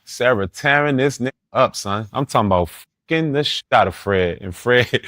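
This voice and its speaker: A man telling a casual story in street slang as a podcast guest, laughing and animated, often asking if you follow him. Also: medium pitch, moderate pace, no room sound, clean studio sound.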